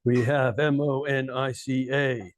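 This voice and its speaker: A man's voice: medium pitch, fairly even intonation, slow pace. A man giving a live astrology talk to an audience in a coffeehouse, with wry joking asides.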